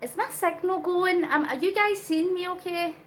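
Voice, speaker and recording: Earnest, high-voiced woman live-streaming. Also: moderate pace, a little hiss or hum. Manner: earnest, emotional, reads out viewer comments. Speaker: vlogger doing a live charity cycle. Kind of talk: live-stream chat while cycling.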